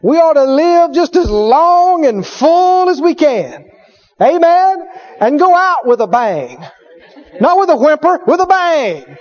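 A man preaching a sermon, emphatic, repeating his points and at times shouting. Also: very high-pitched, dull audio.

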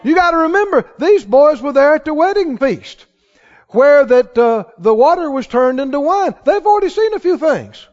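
A man's voice: extremely high pitch, expressive, normal speed. A man preaching a sermon as pastor, folksy and emphatic, building to exhortation, recorded in a church sanctuary. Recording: dull, reverberant church hall recording.

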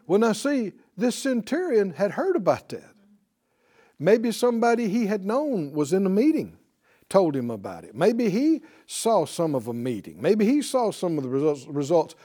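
A man delivers a Bible lesson in a preaching style, his high voice swinging widely in pitch as he stresses key words. He keeps turning to his listeners for a response. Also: warm tone. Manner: calls out to the audience for responses; emphatic, rising on key words. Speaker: Bible teacher.

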